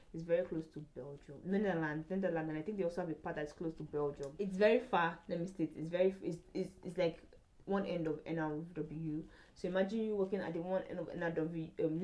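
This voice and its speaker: A woman's voice: fairly low pitch, a little mellow, low-quality recording. Rambling young woman vlogging. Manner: rambling, many fillers and restarts. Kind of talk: casual chat to camera.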